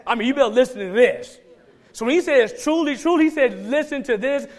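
High-voiced Georgia-accented preacher. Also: male voice, fairly quick. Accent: Southern US, Georgia. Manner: emphatic, repeats key phrases for stress. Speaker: pastor. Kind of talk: sermon.

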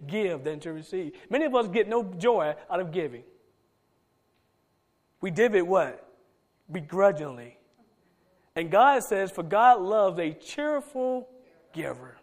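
A middle-aged man preaching a sermon, swinging between loud emphatic calls and soft low asides. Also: lively intonation, measured pace, pauses often. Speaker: pastor.

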